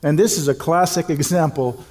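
A middle-aged man delivers a sermon with a slightly raised pitch. He speaks earnestly and emphatically. He slows right down to lean on the words that matter. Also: darkish tone. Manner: earnest, emphatic preaching with slow stressed phrases. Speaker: pastor.

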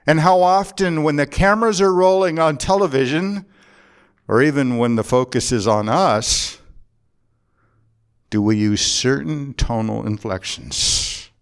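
A man preaching a sermon as a pastor, earnest and deliberate, slowing down and pausing to press his points home. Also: medium pitch, clean tone. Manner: earnest preaching with slow emphatic pauses.

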